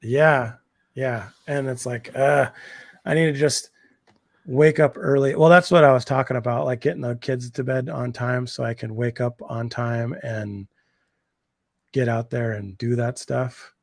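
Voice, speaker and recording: Man, gravelly voice, dry close sound, excitable casual rambling, lots of slang. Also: medium pitch, measured pace, dry recording. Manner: enthusiastic, rambling, heavy slang and filler "like". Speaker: co-host. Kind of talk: casual chat on a livestream.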